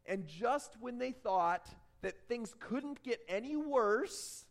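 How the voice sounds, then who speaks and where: A man preaching a sermon, telling a story dramatically, dropping to a hush and rising to shouts. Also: high-pitched, creaky. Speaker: pastor.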